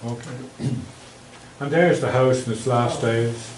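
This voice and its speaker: A man's voice: medium pitch, slow, a little hiss or hum, poor audio. A man with an Irish accent giving a local history talk with slides, telling stories in a chatty, wry way. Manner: anecdotal, chatty, wry asides.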